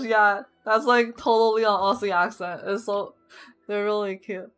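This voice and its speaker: A woman's voice: medium pitch, fairly even intonation, normal speed, a bit bright. A young woman streaming a game, chatting casually with viewers, reading chat aloud and giggling often. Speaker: live streamer. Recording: music playing behind the voice.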